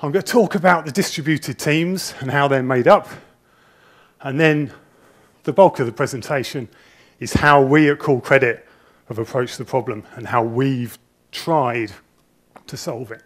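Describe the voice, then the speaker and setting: A man's voice: mid-range voice, unhurried, long pauses. A nervous man giving a conference talk on stage into a handheld microphone, telling stories in a chatty, self-deprecating way with frequent restarts. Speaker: conference speaker. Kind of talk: conference presentation, anecdotal storytelling.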